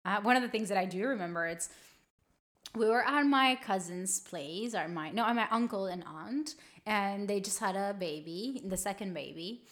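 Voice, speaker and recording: A woman's voice: medium pitch, moderate pace. A woman co-hosting a podcast in casual chat, telling stories animatedly and acting out voices. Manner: animated storyteller, acts out voices, laughs often. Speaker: podcast co-host.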